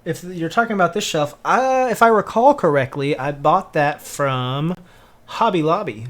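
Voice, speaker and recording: Higher-voiced Southern man, casual streamer. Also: animated, moderate pace, a bit bright. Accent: Southern American (Tennessee). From Tennessee, USA. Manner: laid-back, greets viewers, mutters and hums while working. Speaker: livestreamer. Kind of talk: casual livestream chat.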